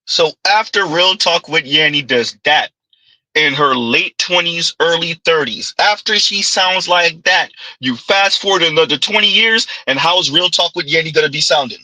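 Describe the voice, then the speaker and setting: A male reaction host sets up clips with quizzical commentary, his voice pitched a bit high. His tone is very bright and forceful, and the sound is dry. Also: moderate pace, no room sound, poor audio.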